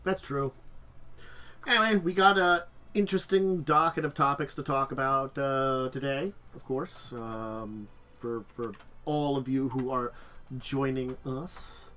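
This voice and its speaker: A man's voice: mid-range voice, measured pace, sharp tone. A man hosting a casual tabletop gaming talk show, rambling with lots of restarts and fillers while sick and tired. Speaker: podcast host. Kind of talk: casual chat.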